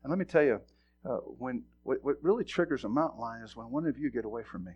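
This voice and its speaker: Folksy, animated man preaching a sermon. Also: mid-range voice, fast talker, breathy edge, muffled recording. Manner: folksy, animated storytelling with sudden loud bursts. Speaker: pastor. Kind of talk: sermon with a personal story.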